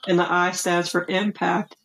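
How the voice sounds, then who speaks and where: This woman co-hosts a casual podcast, giving short, blunt replies with some playful swagger. Her voice sits somewhat low for a woman. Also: little pitch movement, moderate pace, background noise. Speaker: podcast co-host. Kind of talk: casual chat recapping wrestling shows.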